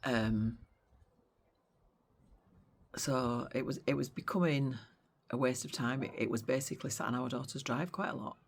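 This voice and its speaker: A woman's voice: a bass voice, fairly even intonation, normal speed, pauses often. A middle-aged woman vlogging in a casual chat, talking in a chatty, sarcastic way and often going off on tangents.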